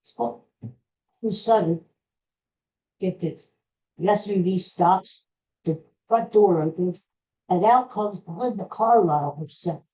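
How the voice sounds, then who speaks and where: A man slowly retelling a personal story in a rambling, halting way, with frequent restarts. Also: high voice, warm tone, rough recording.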